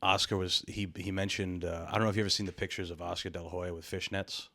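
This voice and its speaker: A man's voice: deep voice, level tone, quick pace, gravelly, pushed and bright, no echo. Laid-back man hosting a podcast. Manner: laid-back, swears often, trails off and laughs. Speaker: podcast host. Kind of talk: casual podcast chat.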